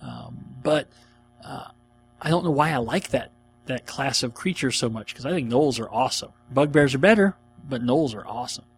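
A man's voice: mid-range voice, expressive, normal speed, soft background music. A man hosting a podcast, answering listener questions in an enthusiastic, rambling casual chat. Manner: enthusiastic, rambling, laughs often.

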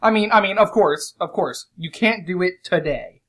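A man co-hosting a casual talk show, playful and quick to push back with a run of "no, no". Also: sits high, fairly bright tone. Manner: playful, quick to object with repeated "no, no". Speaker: co-host. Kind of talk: casual chat.

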